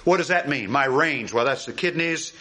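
Animated, lively-voiced male preacher. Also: mid-range voice, moderate pace. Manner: animated preaching, rhetorical questions, emphatic repetition. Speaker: pastor. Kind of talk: sermon.

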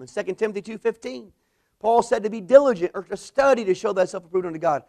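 High-voiced preacher, emphatic bursts. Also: male voice, quick pace. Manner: preaching with rising emphatic bursts and soft low endings. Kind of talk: sermon.

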